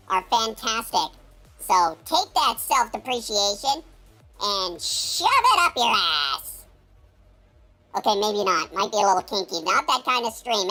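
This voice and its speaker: A man voicing an excitable, foul-mouthed male squirrel sidekick in a high, squeaky put-on voice. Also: heavily acted. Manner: squeaky, rapid, excitable, cursing.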